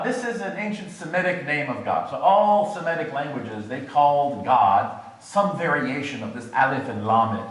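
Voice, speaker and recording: A man's voice: medium pitch, animated, moderate pace, few pauses, noisy background. A man giving a scholarly church adult education lecture, explaining words with asides and small jokes. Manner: scholarly, jokes and laughs at his own asides. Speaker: guest lecturer. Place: large church hall. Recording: very echoey hall.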